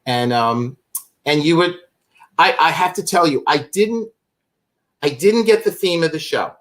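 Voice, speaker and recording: A man's voice: a little high, expressive, unhurried, a bit bright. Rambling, laughing male storyteller. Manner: rambling, self-interrupting, laughing through his story. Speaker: guest, fan club founder. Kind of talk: animated storytelling on a live stream.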